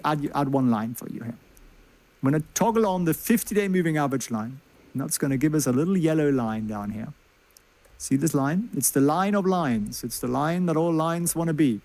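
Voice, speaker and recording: A man's voice: on the high side, a little mellow. A man giving chatty, joking stock market commentary and asking his viewers questions. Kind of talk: livestreamed stock chart commentary.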